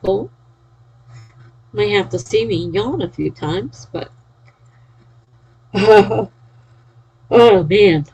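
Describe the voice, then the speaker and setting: A woman's voice: mid-range voice, very slow, long pauses, dark tone, breathy edge, low-quality recording. A sleepy, yawning woman chatting casually on a live stream, reading out and cheering viewers' chat messages. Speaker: livestreamer.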